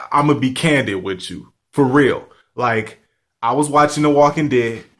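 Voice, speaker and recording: A man's voice: mid-range voice, fairly bright tone. A man vlogging in casual chat, rambling and candid, with constant fillers and frequent profanity. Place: home studio.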